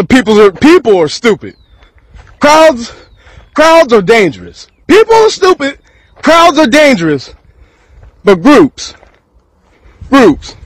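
A man's voice: high-pitched, no room sound, poor audio. A man from Texas, rambling through a profane freestyle rant to camera and laughing between thoughts.

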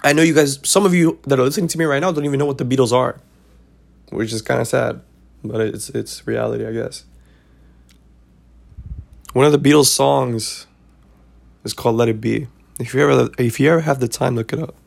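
A man's voice: medium pitch, steady tone, fairly quick, gravelly, long pauses. A man hosting a podcast, talking casually and preachily about life lessons, repeating himself and checking in with "right?". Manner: preachy, repetitive, keeps asking "right?". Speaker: podcast host. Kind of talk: casual advice monologue.

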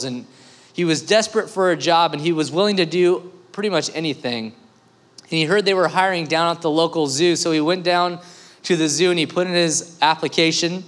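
Male pastor, sermon delivery; animated storyteller, earnest, slightly high voice. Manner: earnest, coaxing questions to the congregation.

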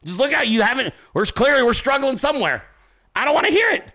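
Male host, high lively voice, combative and profane, ranting from home. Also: fast talker, creaky. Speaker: podcast host. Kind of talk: ranting political commentary. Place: home office at a desk.

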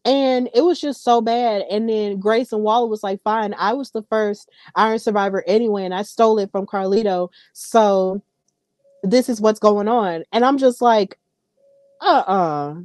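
Woman, podcast host, casual commentary, opinionated, animated, mid pitch, dry close mic. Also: moderate pace, dry recording. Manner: animated, opinionated, talks straight to listeners.

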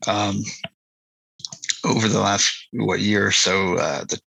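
A man's voice: on the low side, fairly even intonation, slow pace, gravelly, sharp tone, husky, no room sound, rough recording. A man co-hosting a podcast in casual sports chat, rambling with restarts and easy laughter. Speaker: podcast co-host.

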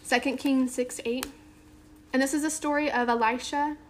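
A woman with a high-pitched, steady voice leads a casual Bible teaching for a small group at a moderate pace, with a little hiss or hum audible. She reads scripture aloud, then paraphrases it conversationally, dropping lots of "like" and "um."

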